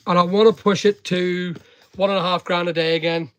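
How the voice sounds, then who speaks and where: A man's voice: sits high, flat delivery, brisk, smooth. A middle-aged Northern Irish man rambling chattily on a livestream while packing online orders and talking to viewers. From Northern Ireland.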